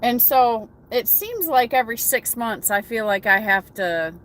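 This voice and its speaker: Bright-voiced chatty woman trucker host. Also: on the high side, lively intonation, measured pace. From United States. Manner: chatty, greets viewers by name. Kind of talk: casual morning coffee chat. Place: truck cab.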